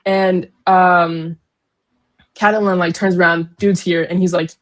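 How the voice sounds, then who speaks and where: A young woman co-hosting a casual book discussion, retelling chapters in an animated way with lots of fillers. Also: fairly low pitch, a little slow. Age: young adult. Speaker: podcast co-host.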